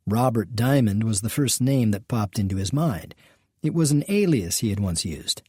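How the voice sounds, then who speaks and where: Western audiobook narrator, male; husky, mellow, steady read, dry studio. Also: fairly low pitch, moderate pace, no echo. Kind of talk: scripted narration.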